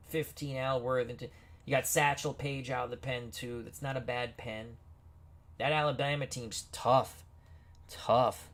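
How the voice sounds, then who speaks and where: A man's voice: mid-range voice, fairly bright tone. A man hosting a gaming video, reading player names off team rosters with casual asides and reactions. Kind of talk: casual game commentary.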